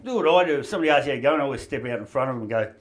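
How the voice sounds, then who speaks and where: A man's voice: mid-range voice, lively intonation, rapid-fire. An Australian man doing a crude, wry stand-up comedy set in a small backyard shed. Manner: crude, wry punchline delivery.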